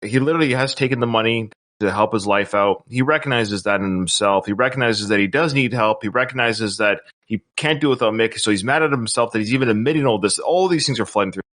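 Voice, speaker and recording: Bright-voiced man recapping a film. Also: fairly low pitch, fast. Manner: recounts scenes, acting out quotes. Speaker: podcast host. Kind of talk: casual film discussion.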